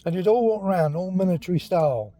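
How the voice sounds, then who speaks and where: A man's voice: high voice, lively intonation, fast talker, mellow. An older man, telling childhood stories in a rambling, chatty way and sometimes dropping almost to a whisper. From England. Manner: rambling and chatty, drops to near whispers at times. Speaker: walking vlog host telling childhood stories. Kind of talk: casual storytelling.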